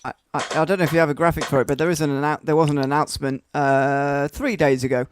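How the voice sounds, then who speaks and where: A man's voice: fairly high pitch, fairly even intonation, fast, a little hiss or hum. A man commentating on a sim race, walking through a circuit lap by lap with many hesitant fillers and dry teasing humour. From Europe. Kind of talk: track-guide race commentary.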